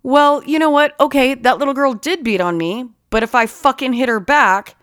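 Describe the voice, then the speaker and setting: A woman in casual chat, telling a story with constant swearing and lively, heated delivery. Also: sits high, normal speed, clear, resonant tone. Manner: heavy swearing, animated storytelling.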